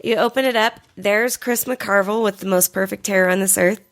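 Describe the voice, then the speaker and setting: A woman co-hosting a casual podcast chat, sick and a bit hoarse, blunt and joking. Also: mid-range voice, fairly even intonation, fairly quick, no room sound. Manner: blunt, joking, laughs often. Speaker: podcast co-host. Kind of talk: casual chat over wine.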